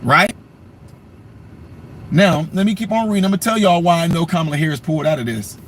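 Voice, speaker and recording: Emphatic high-voiced man ranting to viewers. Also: brisk, a little hiss or hum. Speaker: political commentator. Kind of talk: political commentary vlog.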